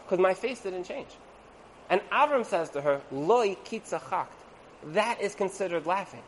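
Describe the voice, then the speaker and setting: High-voiced man teaching a casual Torah class. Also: a little hiss or hum. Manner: conversational, asks rhetorical "right?", acts out quoted voices. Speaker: lecturer on Torah and marriage.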